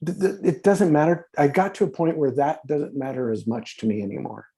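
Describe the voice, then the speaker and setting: A man's voice: a little high, brisk, warm tone. A man in his fifties, a podcast guest telling stories in a rambling, profane way, full of fillers and restarts. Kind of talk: casual conversational storytelling.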